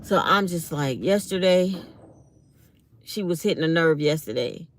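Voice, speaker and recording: A woman's voice: deep voice, expressive, unhurried, slight background noise. A middle-aged woman, talking casually to viewers and acting out both sides of an office conversation. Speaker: vlogger.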